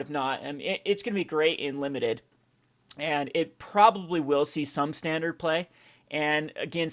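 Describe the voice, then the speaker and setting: A man's voice: a little high, a bit bright. A man hosting a card game review, talking casually and enthusiastically with rambling restarts. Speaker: card game channel host.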